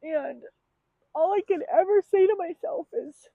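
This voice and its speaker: A woman's voice: extremely high pitch, a little slow, no echo. A woman in her thirties opens up in a personal confessional vlog, talking candidly and emotionally with plenty of ums and likes. Her voice comes through thin and tinny, like a phone line. The sound is dry, with no room around it. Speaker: vlogger.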